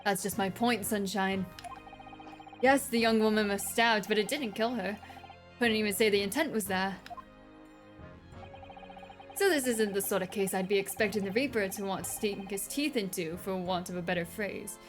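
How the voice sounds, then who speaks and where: A woman's voice: medium pitch, normal speed, long pauses, soft background music, natural voice. Woman reading as scornful grumbling police inspector. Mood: gruff. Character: brusque middle-aged male police inspector.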